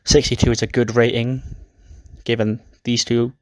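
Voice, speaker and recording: A man's voice: mid-range voice, flat delivery, moderate pace, darkish tone. A man narrating a wrestling simulation playthrough, recapping matches casually. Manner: recaps storylines casually with swearing. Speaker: game player narrating.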